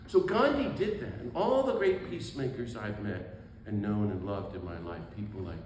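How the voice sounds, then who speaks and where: Exuberant priest in an echoey hall. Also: male voice, fairly low pitch, animated, a little mellow, distant mic. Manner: exuberant, quick asides, laughs at himself. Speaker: priest giving a book talk. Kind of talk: animated public talk. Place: event hall. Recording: echoey room with faint background noise.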